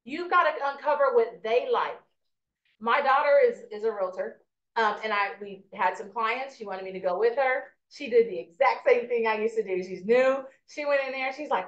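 Middle-aged woman trainer, animated storyteller, highish voice, echoey lo-fi room. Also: moderate pace. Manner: animated storyteller, asks "right?" often. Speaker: real estate trainer. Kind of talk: live class teaching.

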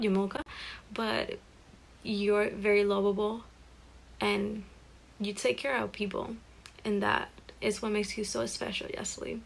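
A woman's voice: medium pitch, level tone, a little slow, creaky, long pauses. A teenage girl recording a heartfelt, rambling birthday message to a close friend, talking earnestly and a little self-consciously.

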